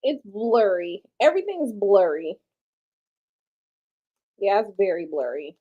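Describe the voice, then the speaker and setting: A woman hosting a casual livestream, chatty and slangy, tired late at night, dropping to low murmurs and jumping to excited squeals. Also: slow pace, highs cut off. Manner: chatty and slangy, talks to viewers as y'all. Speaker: livestream host.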